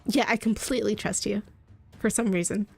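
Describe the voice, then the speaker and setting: Chatty young woman streamer, mid-pitched and playful, with sarcastic game commentary. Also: steady tone, fairly quick, creaky, breathy edge, no room sound, soft background music. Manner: chatty, giggly, sarcastic asides. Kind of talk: casual game commentary and reading aloud.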